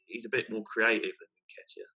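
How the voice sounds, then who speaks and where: A man's voice: fairly low pitch, steady tone, a little fast, sharp tone, slightly rough. A young man co-hosting a casual football chat, hesitant, repeating his words and laughing at himself. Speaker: podcast co-host.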